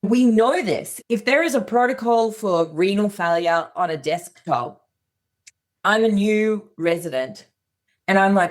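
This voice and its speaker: A woman's voice: mid-range voice, lively intonation, unhurried. A middle-aged woman speaking earnestly as a guest on a podcast interview, acting out little scenes in quotes. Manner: earnest, plainspoken, acts out dialogue in quotes. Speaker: guest psychologist.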